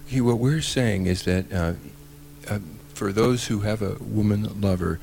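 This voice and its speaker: A man guest expert explaining tantra in earnest, halting speech with many fillers. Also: lowish voice, gravelly, darkish tone, slight background noise.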